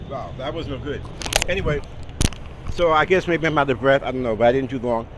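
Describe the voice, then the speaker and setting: A man teaching a casual singing lesson, talking through posture steps in a relaxed way and checking in with the listener. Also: mid-range voice, a little fast, long pauses. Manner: relaxed, talks through steps with "all right?" and "okay". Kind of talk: casual vocal lesson with exercises. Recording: outdoor traffic noise behind.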